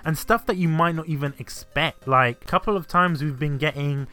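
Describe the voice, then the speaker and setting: Bright-voiced man hosting a podcast. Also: a little high, moderate pace, faint music behind. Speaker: podcast host. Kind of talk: casual podcast chat.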